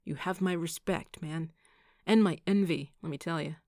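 A woman's voice: low voice, moderate pace, a little mellow, no room sound, studio quality. A woman reading the part of a playful, teasing young man in an audiobook, speaking grandly and boisterously.

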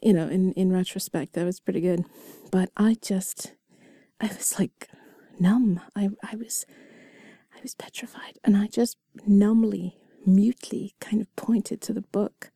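Whispering woman in a gravelly, breathy whispered role-play. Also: medium pitch, fairly even intonation, unhurried, mellow, dry recording, clean studio sound. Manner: intimate, giggly and self-deprecating, mostly whispered. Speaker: audio role-play creator.

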